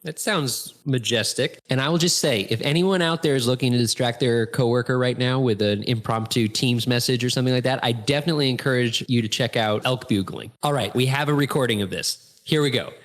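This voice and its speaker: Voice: mid-range voice, a little fast, few pauses. A co-host in casual conversation, reacting with wry, dry jokes.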